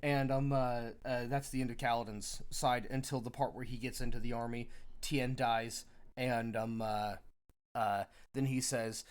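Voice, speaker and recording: A man's voice: medium pitch, steady tone, a little slow, clean tone. Rambling man recapping a book. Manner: rambling, many ums and uhs, jokey paraphrases. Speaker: podcast co-host. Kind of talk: casual book club recap.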